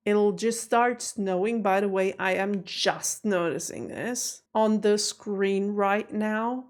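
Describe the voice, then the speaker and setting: A woman reacting to a TV episode from her home office at night, rambling through question after question with nervous laughs; English is not her first language. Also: medium pitch. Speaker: reaction video host. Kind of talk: casual chat to camera.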